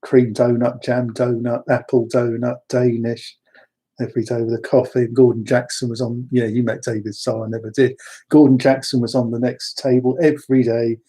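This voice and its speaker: A man's voice: medium pitch, flat delivery, moderate pace, mellow, husky. A man from London, chatting through wandering personal stories with frequent restarts. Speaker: storyteller. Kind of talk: rambling personal anecdotes.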